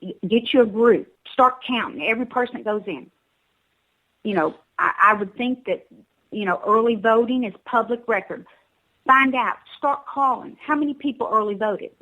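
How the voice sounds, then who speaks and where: A woman's voice: fairly high pitch, moderate pace, a bit bright, poor audio. A woman with a Southern US accent calling in to a talk show. She urges listeners emphatically and often stumbles and repeats her words.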